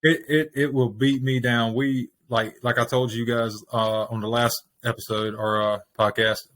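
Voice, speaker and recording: A man's voice: medium pitch, level tone, moderate pace, a bit bright, slight background noise. A man appears as a podcast guest, answering questions in a thoughtful, casual way. His voice sits in a middle range, and he leans on easy fillers as he thinks. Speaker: podcast guest, small business owner.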